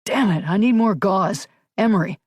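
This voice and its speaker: A woman narrator voicing a crisp, gruff male former army medic in an audiobook. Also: sits high, moderate pace, darkish tone, no echo, clean studio sound, pitched above the performer's own voice. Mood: tense, brusque. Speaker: audiobook character.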